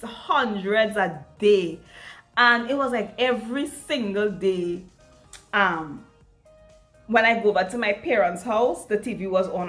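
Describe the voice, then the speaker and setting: A woman's voice: mid-range voice, fairly bright tone. A young adult woman from Trinidad, telling a story in a chatty vlog, emphatic and full of repeats. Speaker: vlogger. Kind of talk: get-ready-with-me chat vlog.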